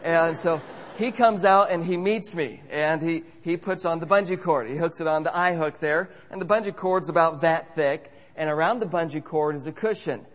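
A man telling a humorous, self-mocking story as a preacher, in an animated way. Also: on the high side, moderate pace. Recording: echoey hall.

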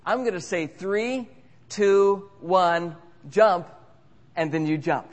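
A man voicing a calm, businesslike male worker giving simple instructions. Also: on the high side, normal speed, big-room sound, lightly acted. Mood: instructing.

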